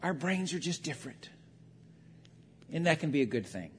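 A man's voice: a little high, big pitch swings, normal speed, slightly rough. A man preaching a sermon on marriage, talking conversationally and acting out quotes. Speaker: pastor. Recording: long reverb of a large hall.

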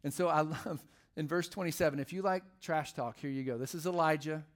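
A man's voice: fairly high pitch, fairly quick. A male pastor preaching a sermon in a conversational, humorous storytelling way.

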